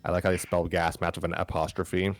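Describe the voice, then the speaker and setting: A man with a very low voice reads a fan story aloud on a live stream. He trips over words, restarts lines and drops wry asides. The sound is dry, with no room around it. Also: flat delivery, fast talker, no echo. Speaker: host reading a fan story.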